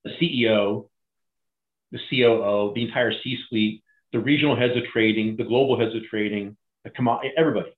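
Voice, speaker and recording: A middle-aged man retelling a crisis story in an interview, animated and acting out the voices of others. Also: on the low side, a little fast. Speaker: guest, former bank crisis manager. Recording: echoey, phone-like audio.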